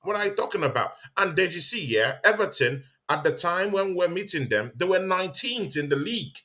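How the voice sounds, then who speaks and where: A man's voice: high voice, animated, fairly quick, sharp tone. A male show host in a heated casual football debate, arguing hard and repeating himself to press his point. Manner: argumentative, keeps repeating "see, Deji".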